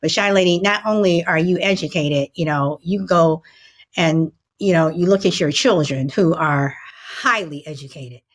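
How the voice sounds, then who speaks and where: Woman, middle-aged, host, low voice, supportive. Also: moderate pace. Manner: warm and supportive, addressing guests. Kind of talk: panel discussion.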